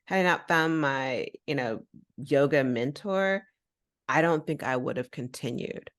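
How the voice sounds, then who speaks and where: Her voice is very deep and her pace measured as she hosts a podcast. The American host tells a personal story in easy conversation, animatedly acting out how each person in it sounded.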